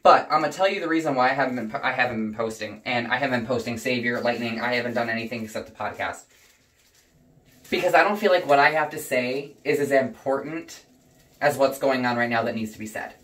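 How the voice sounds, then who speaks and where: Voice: mid-range voice, quick pace, recorded from a distance. A young adult vlogger rants with heavy profanity and heated energy, sitting back from the microphone. The room lends a noticeable echo to the voice. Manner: profane, heated and animated ranting. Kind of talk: casual rant while dyeing hair. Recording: roomy echo, voice away from the mic.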